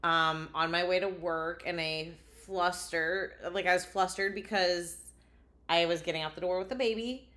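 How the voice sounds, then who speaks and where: A woman's voice: fairly low pitch, fairly even intonation, normal speed, sharp tone. A woman co-hosting a casual podcast chat, animatedly telling a story and laughing at herself. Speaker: podcast co-host.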